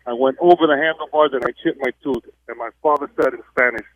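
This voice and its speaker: A man's voice: medium pitch, fast talker, fairly bright tone, highs cut off, a little hiss or hum. A man calling in to a radio show, telling a story in a chatty way. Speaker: radio caller. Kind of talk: phoned-in anecdote.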